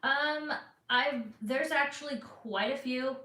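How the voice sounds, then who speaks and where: A woman's voice: high-pitched, takes it slowly, pushed and bright. A young woman with a Southern Californian accent, chatting casually on a live stream and answering viewers, rambling with lots of fillers. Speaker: vlogger answering live chat. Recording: echoey room.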